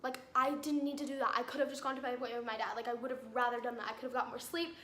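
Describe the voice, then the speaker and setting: A woman's voice: fairly high pitch, level tone, very fast, a bit bright, a little hiss or hum. Exasperated teen girl telling a storytime. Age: teens. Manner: exasperated, filler-heavy retelling. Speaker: vlogger. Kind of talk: storytime vlog. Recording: roomy echo with faint ambience.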